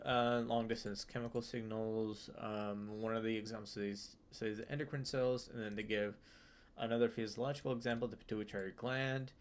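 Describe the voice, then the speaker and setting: A young man streaming his study session, reading a textbook passage aloud and explaining it casually with many fillers and restarts. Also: on the low side. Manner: reads text aloud then explains loosely with fillers and restarts. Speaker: student streamer.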